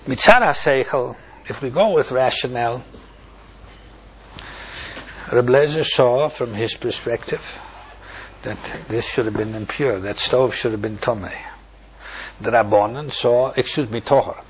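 A man teaching a Talmud passage as a lively story, quoting Hebrew and Aramaic lines and translating them. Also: medium pitch, normal speed, slightly rough.

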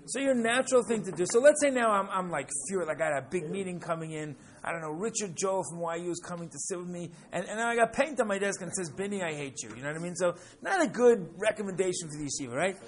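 Lively higher-voiced male teacher. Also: quick pace, hardly any pauses. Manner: animated, keeps asking "right?"; acts out examples with rising excitement. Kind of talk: classroom lecture.

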